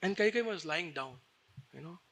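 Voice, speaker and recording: A man telling a devotional story as a sermon, animated and chatty. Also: on the high side, moderate pace. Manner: animated, chatty, says "you know" often. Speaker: storyteller preacher.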